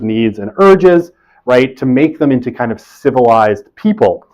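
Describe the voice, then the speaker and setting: A man in his forties lecturing a university class in a relaxed, conversational way, with a voice of middling pitch. He keeps checking in with the room by asking "right?" and drops self-deprecating asides between points. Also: unhurried, poor audio.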